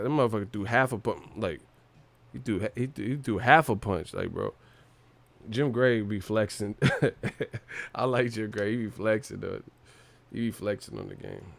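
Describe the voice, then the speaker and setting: A man hosting a boxing show, talking in loose slangy commentary, swearing and laughing a lot. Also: fairly low pitch. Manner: animated, profane, slangy, laughs often. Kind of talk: casual sports commentary.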